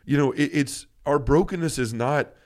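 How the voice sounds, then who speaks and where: A man's voice: on the high side, normal speed, darkish tone. An earnest man in his thirties, co-hosting a faith podcast, who talks with feeling and often restarts his sentences. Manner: earnest and emotional, many restarts. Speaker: podcast co-host.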